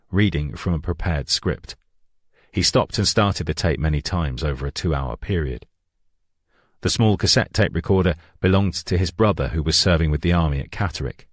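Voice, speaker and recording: A man narrating a true-crime audiobook in a measured, even reading. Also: low-pitched, dry recording, clean studio sound.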